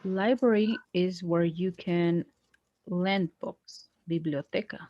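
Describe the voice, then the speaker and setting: Slow, patient woman teaching English. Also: on the low side, steady tone, dry recording, muffled recording. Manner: patient, slow, corrects gently. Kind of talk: one-on-one online English lesson.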